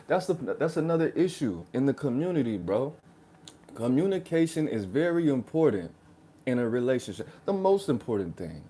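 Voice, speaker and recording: A man hosting a reaction video, giving slangy, sarcastic relationship advice and calling the listener "bro.". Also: fairly high pitch. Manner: slangy, ranting, keeps saying "bro"; animated, sarcastic mocking. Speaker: reaction channel host.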